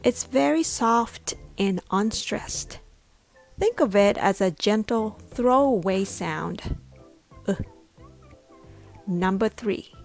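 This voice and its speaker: A woman's voice: mid-range voice, animated, darkish tone, faint music behind. A woman pronunciation coach giving a scripted lesson, sounding out each syllable carefully. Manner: slow, deliberate, sounding out syllables.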